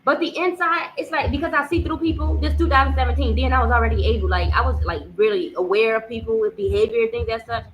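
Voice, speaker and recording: A woman's voice: a little high, fairly even intonation, fast talker, few pauses, lo-fi sound, slight background noise. A young woman telling a personal story in a casual, rambling way, with many fillers and repeated phrases. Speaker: vlogger.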